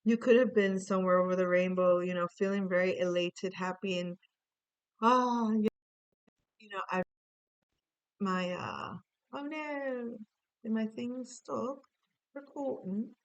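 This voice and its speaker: A woman's voice: fairly low pitch, moderate pace, clear, resonant tone, dry recording, highs cut off. A woman giving a casual, playful tarot reading, chatting to her viewers while recording on her computer. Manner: chatty, playful, sings snatches of song. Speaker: tarot reader.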